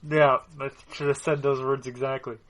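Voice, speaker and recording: A man's voice: medium pitch, flat delivery, moderate pace, fairly bright tone. A man co-hosting a casual gaming podcast over a remote call, joking, swearing freely and laughing at his own remarks. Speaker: podcast co-host. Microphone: remote call mic.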